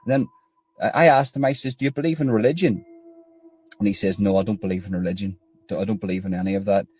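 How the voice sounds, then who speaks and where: A man's voice: sits low, fairly even intonation, quick pace, a little mellow. A man, telling a long story casually, rambling and restarting as he quotes whole conversations. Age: 30s.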